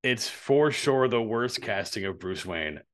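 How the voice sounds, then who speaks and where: A man co-hosting a podcast in casual chat, telling stories in a loose, profane, animated way. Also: fairly low pitch, unhurried. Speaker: podcast co-host.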